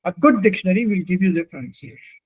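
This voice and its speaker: A man's voice: high-pitched, animated, fast, slightly rough, dry recording. A man teaching a language class, explaining pronunciation patiently and switching between German and English. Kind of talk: classroom instruction.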